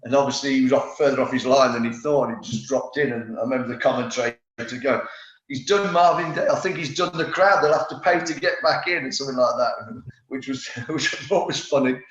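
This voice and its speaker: A man in his fifties tells rambling stories of his playing days, often restarting mid-sentence. His voice sits in a middle register. The recording is roomy and a little dull. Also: mid-range voice. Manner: lively storyteller, rambling with restarts. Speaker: former footballer, podcast guest. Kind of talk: casual anecdote-telling interview.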